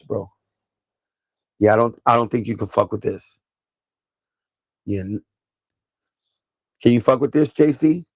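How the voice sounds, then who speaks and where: A middle-aged man with a New York accent, hosting a casual sneaker livestream with excitable, profane banter. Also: medium pitch, creaky, no echo, poor audio.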